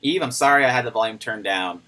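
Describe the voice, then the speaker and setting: A man's voice: mid-range voice, quick pace, sharp tone, poor audio. A man hosting a casual livestream, chatting loosely and greeting viewers by name as he reads their comments. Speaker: crypto livestream host.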